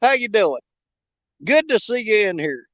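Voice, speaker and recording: A man's voice: high-pitched, very animated, unhurried, fairly bright tone, dry recording. A man hosting a fishing livestream from a riverbank outdoors, chatting casually in a folksy, joking, rambling way. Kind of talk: casual live chat while bank fishing.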